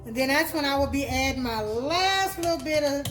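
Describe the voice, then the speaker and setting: A woman's voice: sits high, animated, normal speed, faint music behind, low-quality recording. A woman from Texas, chatting her way through a home cooking demonstration in a kitchen. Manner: chatty, homey, repeats words while explaining. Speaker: cooking vlogger.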